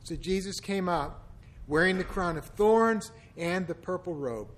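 Man giving a measured scripture reading. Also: high-pitched, poor audio. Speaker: scripture reader.

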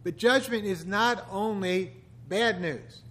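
A man's voice: high voice, takes it slowly, a bit bright. A man in his sixties, a pastor giving a conversational sermon full of wry, joking asides.

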